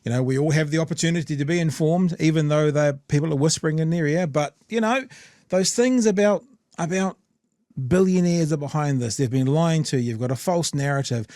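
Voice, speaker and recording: A man's voice: fairly high pitch, fairly quick, dark tone, no echo, clean studio sound. A man hosting a podcast, giving casual, rambling commentary full of restarts. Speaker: podcast host.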